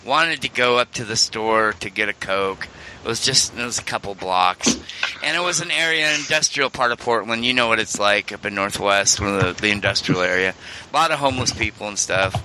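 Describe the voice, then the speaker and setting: A man's voice: lowish voice, a little fast, noisy background. A middle-aged man hosting a talk show, telling a story in a rambling, casual way with many restarts. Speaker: radio show host.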